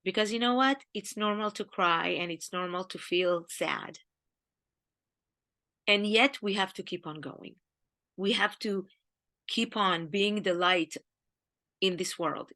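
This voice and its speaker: Earnest Israeli woman, bright voice. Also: medium pitch. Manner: earnest, grieving, speaks in short emphatic phrases. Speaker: Jewish teacher. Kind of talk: heartfelt talk on the weekly Torah portion.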